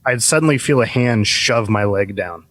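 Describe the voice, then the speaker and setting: A man on a podcast telling a ghost story casually, with lots of uhs and restarts. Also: on the low side. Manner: relaxed, halting with many fillers. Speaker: podcast guest.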